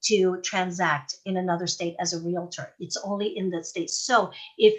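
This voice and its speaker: A woman's voice: on the low side, fairly even intonation, moderate pace. Chatty woman real estate trainer. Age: middle-aged. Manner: conversational, folksy, tells anecdotes. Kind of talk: live training class.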